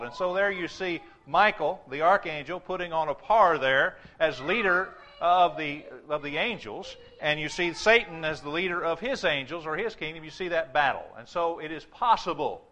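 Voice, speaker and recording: Guy preaching a sermon, kinda high bright voice, slows right down when he gets serious. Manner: emphatic preaching, drops low and slow for warnings. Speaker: pastor.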